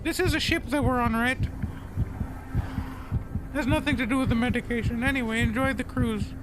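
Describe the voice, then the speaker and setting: A spaced-out, laid-back man who rambles in a drowsy, offhand way, as a man puts him on. His voice sits very high. A steady hiss of noise lies under it. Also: moderate pace.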